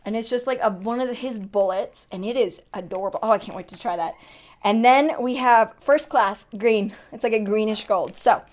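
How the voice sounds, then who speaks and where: A young woman in a casual makeup unboxing vlog, chatty and excitable, often gasping and laughing. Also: a little high, moderate pace. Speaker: beauty vlogger.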